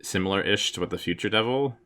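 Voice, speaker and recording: A young man co-hosting a casual podcast chat, hesitant and trailing off softly. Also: lowish voice, fast talker, smooth. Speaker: podcast co-host.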